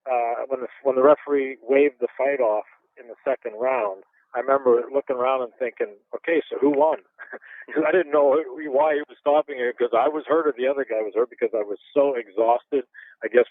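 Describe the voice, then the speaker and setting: A man's voice: mid-range voice, fairly quick, no echo. A man in his fifties from Canada, animatedly telling stories in a casual interview and chuckling now and then. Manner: animated storyteller, chuckles often. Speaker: interview guest, former boxer. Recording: tinny phone-line sound.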